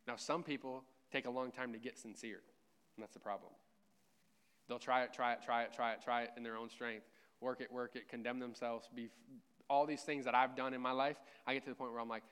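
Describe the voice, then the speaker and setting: A man's voice: mid-range voice, steady tone, a little fast, fairly bright tone, clear, resonant tone. A man preaching a conversational sermon, with joking asides and a self-deprecating tone. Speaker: pastor.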